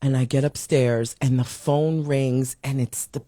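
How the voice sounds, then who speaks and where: A woman talk show host telling a comic story in a casual, animated way. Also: a little slow, no room sound, studio quality, faint music behind. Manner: animated, comic storytelling with big pitch swings.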